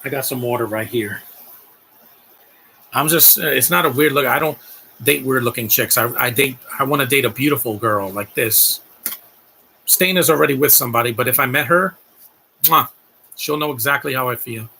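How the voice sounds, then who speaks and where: A man's voice: mid-range voice, brisk, vocal fry, bright, forceful tone, slight background noise. A man doing casual live-stream commentary on a film, gushing and rambling as he talks to his chat.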